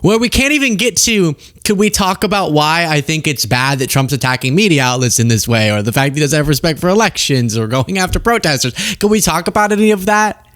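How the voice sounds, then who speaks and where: A young man hosting a political commentary show, talking straight to camera in an exasperated, animated way and often laughing mid-rant. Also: a little high, fairly quick, dry recording, clean studio sound.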